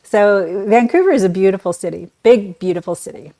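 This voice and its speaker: A woman's voice: mid-range voice, mellow. Chatty woman co-hosting a travel show. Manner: conversational, quick to laugh. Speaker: co-host, travel agent. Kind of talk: casual chat.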